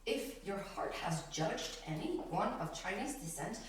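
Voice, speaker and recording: A woman's voice: medium pitch, a little slow. A woman leading a conversational Bible study, reading verses and laughing between them as she explains. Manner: animated, laughs between scripture lines. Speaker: Bible teacher. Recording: echoey room, distant mic.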